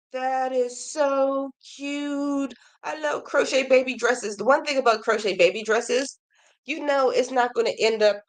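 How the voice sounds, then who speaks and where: A woman hosting a crochet podcast, chatting casually and enthusiastically as she reads out viewers' emails, her voice a little worn. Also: medium pitch. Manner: chatty and enthusiastic, gushing over viewers' work. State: slightly losing her voice.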